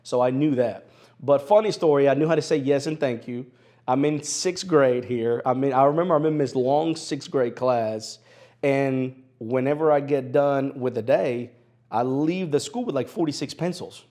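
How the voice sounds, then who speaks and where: A man in his thirties from Venezuela tells his story in an interview, his Spanish accent softened by a country twang. He speaks at a middling pitch. He repeats phrases for emphasis and laughs easily. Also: normal speed. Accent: Venezuelan Spanish with an East Tennessee twang. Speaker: interview guest, sports broadcaster.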